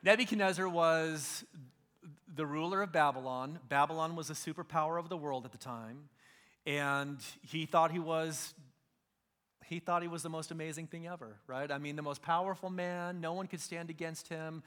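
A man in middle age delivers a sermon in a relaxed, storytelling way. His voice sits high and sounds bright and forward. He slips into slangy voices for the people in the story. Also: moderate pace. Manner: casual storytelling, acts out biblical figures in slang. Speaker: pastor.

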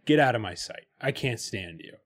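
A man voicing a small male Zen monk who speaks with slow, cutting disdain in a read-aloud fable. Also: mid-range voice, animated, close to an everyday voice. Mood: disdainful.

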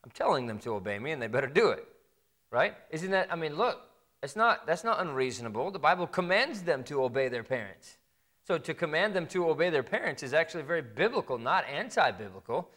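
A man's voice: a little high, big pitch swings, fairly quick, a bit bright. Man preaching in a conversational style. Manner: conversational preaching, acts out parents and kids in quoted asides. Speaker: pastor. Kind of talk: sermon.

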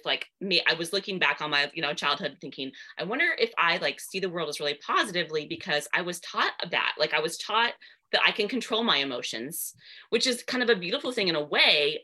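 A woman's voice: fairly low pitch, sharp tone. A woman guest in casual podcast chat, rambling with many fillers.

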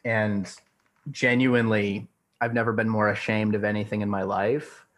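A man's voice: lowish voice, little pitch movement, normal speed, a bit bright. A young man co-hosting a casual podcast chat, playful and self-mocking as he spins a joking story.

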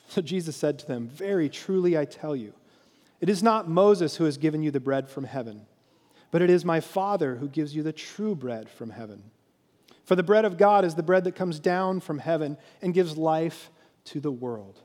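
A pastor preaching a sermon, telling the story with animated crowd voices. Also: male voice, a little high, moderate pace, in a large hall.

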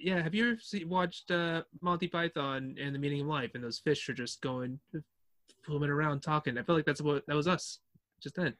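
A man with a bright, slightly high voice adds quick quips to a comedy podcast chat. The mic sound is close and dry. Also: dry recording. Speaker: podcast guest, improv comedian. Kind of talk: improv comedy banter.

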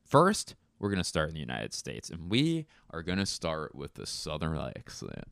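A man's voice: very deep voice, wildly swooping pitch, moderate pace, creaky, hardly any pauses, fairly bright tone, dry recording, studio quality. A man hosting a casual solo podcast, rambling and joking with plenty of swearing. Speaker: podcast host.

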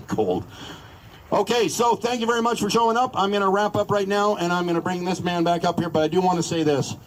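A man's voice: mid-range voice, slight background noise, rough recording. A Canadian man giving a crude, joking, rousing speech at an outdoor rally. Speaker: rally speaker.

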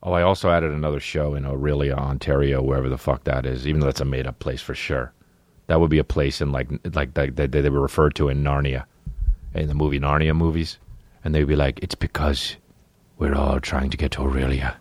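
A man's voice: rumbling low, level tone, fast talker, a little mellow, dry recording. A man hosting a comedy podcast, rambling and cursing through a casual solo monologue. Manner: rambling, profane, full of impressions. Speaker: podcast host.

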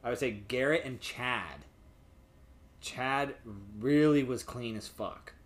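A man's voice: medium pitch, takes it slowly. Casual young guy, rambling and profane, easygoing conversational delivery. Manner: loose, profane, rambling storytelling. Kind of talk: casual chat.

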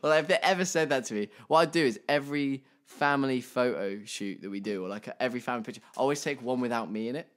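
A young man in his twenties co-hosts a podcast in easygoing chat. He rambles through his stories, looping back with fillers and half-finished words. His voice sits at an ordinary male pitch. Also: quick pace, few pauses, fairly bright tone. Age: 20s. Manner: rambling, filler-heavy storytelling with many restarts. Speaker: podcast co-host. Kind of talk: casual chat.

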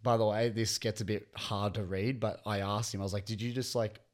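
A man's voice: lowish voice, steady tone, brisk. Young man reading stories, laughing. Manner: laughs often, reads listener stories aloud. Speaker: podcast co-host. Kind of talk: casual podcast chat.

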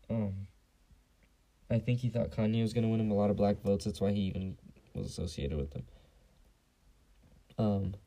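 A man's voice: lowish voice, gravelly, mellow, poor audio. A young man hosting a casual solo podcast, blunt and profane, rambling with lots of fillers on a basic home mic. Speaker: podcast host.

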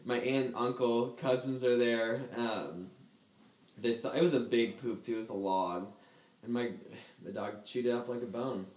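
A man's voice: mid-range voice, fairly even intonation, normal speed, a little mellow. Man rambling through a story in a roomy space. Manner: rambling, laughing anecdote with many fillers. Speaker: storyteller in a group chat. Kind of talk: casual chat. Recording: roomy echo.

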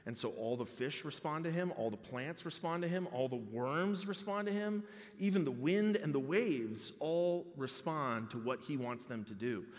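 A male pastor preaching an expository sermon, swinging between loud exclamations and hushed, intimate tones. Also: fairly high pitch, expressive, moderate pace. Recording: long hall reverb.

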